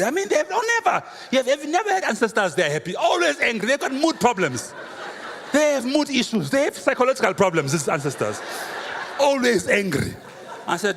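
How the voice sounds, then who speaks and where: A man, a pastor preaching a sermon with humorous, animated storytelling and rhetorical questions. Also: very high-pitched, a little fast. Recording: reverberant hall, faint room noise.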